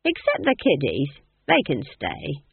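A woman's voice: low voice, huge pitch swings, unhurried, vocal fry, slightly rough, no echo, exaggerated voice. A reader voicing a cheerful, coaxing old witch with an earthy, bawdy manner. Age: older. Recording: tinny, dry phone-like audio.

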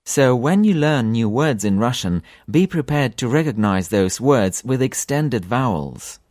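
Slow, deliberate male language tutor. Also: mid-range voice, lively intonation, darkish tone, no echo, studio quality. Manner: slow, carefully repeats words with drawn-out vowels. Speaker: language teacher. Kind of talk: audiobook language lesson.

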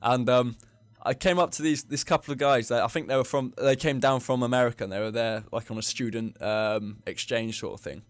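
A man's voice: medium pitch, fairly even intonation, a little fast, few pauses, no room sound. A young man with an English accent rambles through a drinking story, breaking into laughter as he goes. His voice sits in a middling register. The sound is dry and close to the mic, with no room around it. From England. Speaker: podcast co-host. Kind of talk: casual chat.

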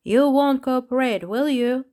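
Reading from a storybook, a woman voices a fussy, bossy male peacock detective who irritably questions a villain. Her voice is pushed up and on the high side, with big pitch swings, a raised, insistent tone, and a slightly slow pace.

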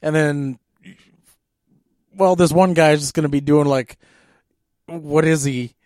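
Male podcast co-host, slightly high voice, dry close mic, exasperated and animated. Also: measured pace, no echo. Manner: animated, exasperated ranting with frequent fillers. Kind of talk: casual movie-rant chat.

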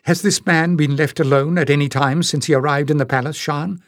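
A man's voice: on the high side, steady tone, brisk, no room sound, clean studio sound, pitched above the performer's own voice, close to an everyday voice. A man voicing a stern, proud young noblewoman who speaks in clipped, demanding sentences. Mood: scornful.

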